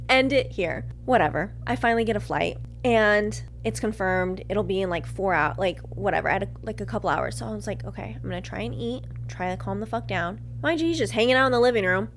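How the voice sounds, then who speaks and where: There's slight background noise as a woman with a mid-range voice, hosting a podcast, recounts a candid personal story. She curses freely and acts out her reactions, shifting from quiet murmurs to loud outbursts.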